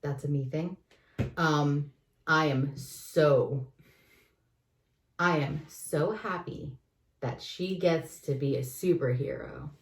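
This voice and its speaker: Woman co-host, judgmental and animated, mic set back in an echoey room. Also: low voice, slow, long pauses, distant mic. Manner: opinionated, animated ranting with laughs. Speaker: podcast co-host. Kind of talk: casual chat.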